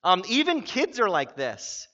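A man in his thirties preaching a sermon as pastor, telling stories with quick voiced asides. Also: high voice, wildly swooping pitch, bright, forceful tone. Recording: muffled sound in a reverberant hall.

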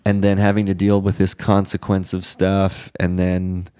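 A man in his thirties, a father, telling a rambling, animated story in casual chat. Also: sits low, normal speed, clean tone.

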